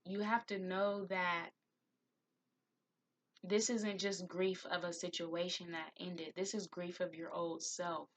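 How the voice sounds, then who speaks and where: Slow, heartfelt woman tarot reader. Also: mid-range voice, slight background noise. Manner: slow, heartfelt, encouraging, spiritual; gets emotional. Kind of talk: spiritual tarot reading.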